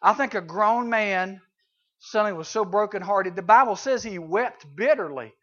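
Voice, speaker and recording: A youth preacher talks to a room of junior high kids in a conversational way, rising loud and dropping to a hush. His voice sits high for a man. The recording is dull and lo-fi. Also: normal speed. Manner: conversational, swings between loud and hushed. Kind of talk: sermon to junior high students.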